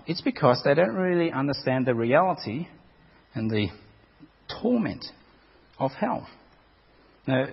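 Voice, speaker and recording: Dramatic and repetitive, this man's sermon comes in a fairly high, gravelly voice with a breathy edge. It's captured in a dull recording drenched in long hall reverb.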